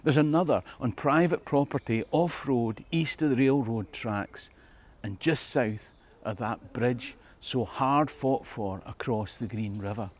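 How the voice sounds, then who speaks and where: A man with a Scottish accent, a history tour guide narrating in a reflective tone with rhetorical questions. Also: mid-range voice. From Scotland. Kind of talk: scripted documentary narration.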